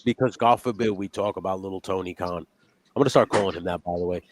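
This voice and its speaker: A man's voice: low voice, fast talker, noisy background. A man co-hosting a wrestling podcast, ranting in a heated and profane way. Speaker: podcast co-host. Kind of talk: casual wrestling chat.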